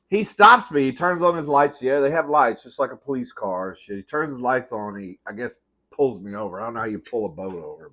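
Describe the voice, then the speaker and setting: Here a husky, slightly bright, medium-pitched male voice belongs to a thirty-something host of an at-home comedy eating show. Between bites he tells meandering, sassy tales laced with profanity, addresses listeners as "girl," and often corrects himself mid-thought.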